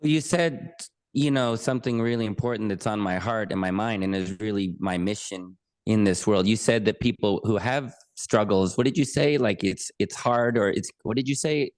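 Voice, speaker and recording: A man's voice: on the low side, normal speed, no room sound. A man appearing as an anxiety coach on a podcast, speaking earnestly and reflectively with frequent restarts. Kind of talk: conversational interview.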